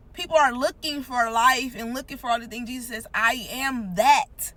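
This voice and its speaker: A woman's voice: a little high, normal speed, hardly any pauses, sharp tone, low-quality recording. A woman giving an earnest, informal devotional teaching, repeating points for emphasis. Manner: earnest, repetitive, emphatic, conversational. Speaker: Christian content creator.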